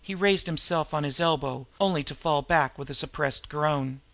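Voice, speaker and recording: A man reading a novel aloud as audiobook narration, measured and expressive. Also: fairly high pitch. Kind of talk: scripted narration.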